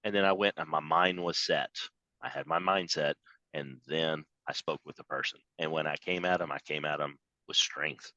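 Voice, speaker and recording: A man giving a motivational sales training talk over a video call, emphatic and animated, acting out quoted voices. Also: extremely low pitch, moderate pace, dry recording, dull audio. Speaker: business trainer.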